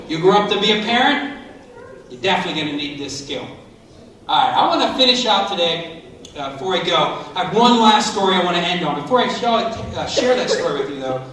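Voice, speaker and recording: Lively, high-voiced man rallying a school crowd. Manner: animated, coaching and joking. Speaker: motivational speaker. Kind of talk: school assembly talk. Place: school assembly hall. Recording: very echoey hall, from far off.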